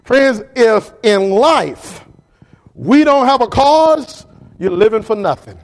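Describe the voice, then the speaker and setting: A man preaching a sermon as pastor, talking straight to his congregation in an animated way. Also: extremely high pitch, slow, poor audio.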